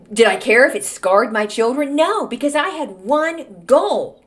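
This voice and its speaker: A woman in her forties hosting a podcast, telling a story in a snarky, animated way. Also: high voice, takes it slowly. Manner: snarky, animated, acts out quoted voices. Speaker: podcast host. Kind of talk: casual storytelling monologue.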